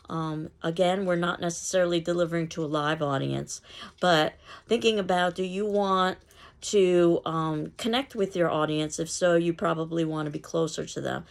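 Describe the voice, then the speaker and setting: A woman from New York City with a New York accent, giving a recorded lecture on public speaking in a clear, steady, explanatory way. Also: on the low side. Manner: clear, steady explanatory delivery with occasional fillers.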